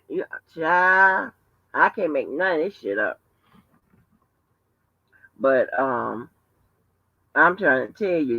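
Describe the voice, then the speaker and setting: Animated, profane woman ranting on a livestream. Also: lowish voice, gravelly, no room sound. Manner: animated, profane, emphatic storytelling. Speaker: livestream host. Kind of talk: casual livestream rant. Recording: dull lo-fi livestream audio.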